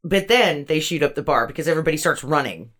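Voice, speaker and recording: A woman's voice: low voice, lively intonation, fast, a bit bright. A woman co-hosting a casual podcast, joking crudely while she recaps a movie. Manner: crude, jokey banter. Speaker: podcast co-host.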